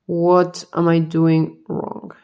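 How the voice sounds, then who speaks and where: A woman's voice: lowish voice, monotone, takes it slowly, creaky, mellow, smooth, dull audio. A tired woman vlogger talking to herself as she builds a model kit, muttering the same questions over and over. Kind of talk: casual talk while building.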